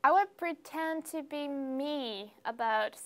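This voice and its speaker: A young woman with a Vietnamese accent and a high, light voice, co-hosting a livestream chat. She giggles often and plays the eager pupil for her teacher. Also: takes it slowly, fairly bright tone. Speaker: co-host.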